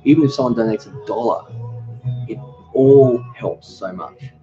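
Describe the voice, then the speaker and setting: A middle-aged man hosts a casual livestream chat for his cooking channel, rambling and reading viewer comments aloud. His voice sits at medium pitch and normal speed. The audio is dull and lo-fi, with music behind him.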